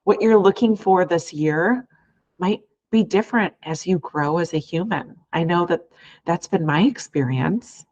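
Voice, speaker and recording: A woman in her thirties hosts her own podcast as a life coach, speaking in a heartfelt, earnest monologue that runs in long, flowing sentences. Her voice sits fairly low for a woman, and the recording sounds slightly dull and lo-fi. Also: a little slow, a little mellow.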